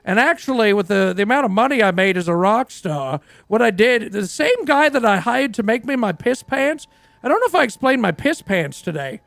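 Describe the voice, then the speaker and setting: A man's voice: sits high, very animated, moderate pace, gravelly, a bit bright, no echo, exaggerated voice. A man playing a crude, boastful rock singer in a roleplay game, telling a rambling story full of fillers. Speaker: roleplay character. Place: game stream from a dry studio.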